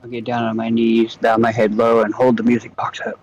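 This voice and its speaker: A man playing a tabletop game, declaring his character's actions in a loud, playful way. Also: medium pitch, completely flat delivery, a little fast, faint music behind. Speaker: player. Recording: dull lo-fi mic.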